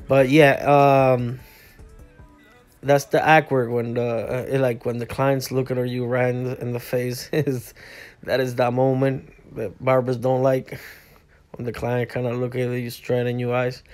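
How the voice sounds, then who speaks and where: A man's voice: mid-range voice, little pitch movement, measured pace, a little mellow, smooth, soft background music. A tired man whose first language is Spanish, a barber who rambles and repeats himself while he explains a cut as he works. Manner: rambling, repeats words and says "you know what I mean". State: tired, yawning. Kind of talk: casual tutorial narration while working. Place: barbershop lounge.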